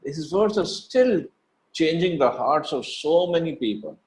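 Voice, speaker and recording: A man's voice: a little high, big pitch swings, measured pace, a little mellow, poor audio. A man giving a devotional scripture lecture as a class teacher, speaking earnestly and emphatically, often restarting and repeating phrases.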